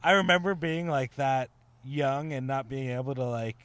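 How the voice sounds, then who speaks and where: A man's voice: mid-range voice, moderate pace, a bit bright, slight background noise. A man co-hosting a podcast, telling a story in a rambling, laughing way with lots of fillers. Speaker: podcast co-host. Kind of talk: casual storytelling chat.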